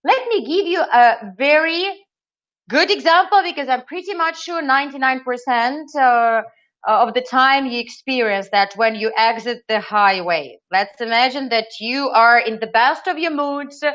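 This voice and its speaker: A woman running an online training webinar, lively and asking her audience questions. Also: sits high, unhurried. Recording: slightly dull lo-fi audio.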